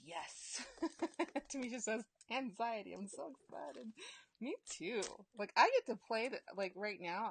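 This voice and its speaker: A woman's voice: mid-range voice, slightly rough. A woman hosting a casual live-stream giveaway, bubbly and chatty, laughing often and reading out viewer comments as she unpacks items. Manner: chatty, trails off and restarts.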